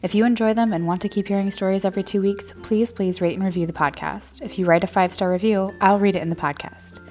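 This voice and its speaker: A woman narrating a children's story podcast gently, speaking to young listeners. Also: mid-range voice, steady tone, fast talker, soft background music.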